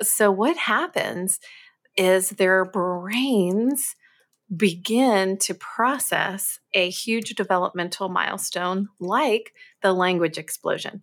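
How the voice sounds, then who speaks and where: A woman co-hosting a parenting advice podcast, upbeat and chatty, explaining at length with small fillers. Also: medium pitch. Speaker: podcast co-host.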